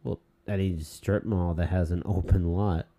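A man's voice: deep voice, steady tone, measured pace, mellow. A man co-hosting a casual podcast, teasing the others, swearing and laughing a lot. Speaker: podcast co-host. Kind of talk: casual chat.

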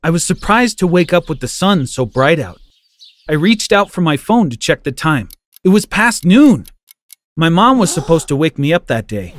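A man narrating a first-person story in a lively, dramatic way. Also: a little high. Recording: soft music underneath.

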